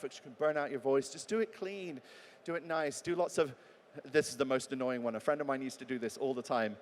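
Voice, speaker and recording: A man giving a live talk as a voice actor, chatty and joking, acting out example readings. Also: a little high. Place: large talk venue. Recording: long hall reverb.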